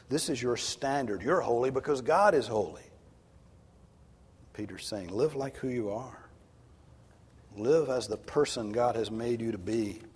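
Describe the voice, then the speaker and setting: A male pastor preaching a sermon, swinging from hushed tones to loud, emphatic exhortation. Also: lowish voice, slightly rough. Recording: long hall reverb.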